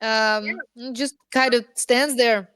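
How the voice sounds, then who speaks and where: A woman narrates a tabletop game as game master, her voice sitting a little high. She talks in a halting, hesitant way, full of fillers and restarts. The sound is dry and close. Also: fairly even intonation, fairly bright tone, clean tone, no room sound. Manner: hesitant, many ums and likes.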